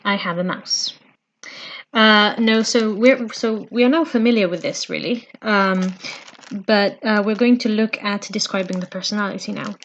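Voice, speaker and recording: A patient woman teaches a relaxed home-study lesson at a steady middle pitch. She talks things through with gentle fillers and stops to repeat each phrase slowly. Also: highs cut off, a little hiss or hum. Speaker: French teacher. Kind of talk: home-learning language lesson.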